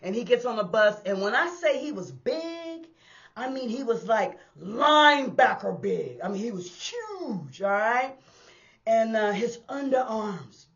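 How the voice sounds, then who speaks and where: A woman who used to drive buses tells a personal street story in a casual, animated way, talking straight to her listeners and acting out the sounds. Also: a little high, measured pace, muffled recording. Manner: animated, addresses listeners as y'all, acts out sounds. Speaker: storyteller and former bus driver. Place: indoors on a hot day.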